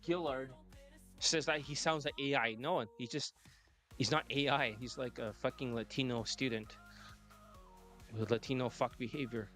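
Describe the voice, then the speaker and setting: A man's voice: mid-range voice, fairly even intonation, normal speed, long pauses, fairly bright tone, faint music behind. A man coaching his students live, talking bluntly and swearing often as he lectures. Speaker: dating coach.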